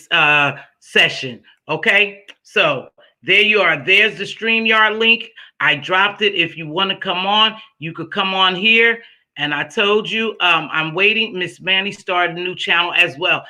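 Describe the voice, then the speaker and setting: A woman's voice: lowish voice, bright, forceful tone. A woman hosting a casual livestream, greeting her chat by name and talking firmly and chattily about the evening's topic. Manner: chatty, preachy, firm with rules. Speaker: livestream host.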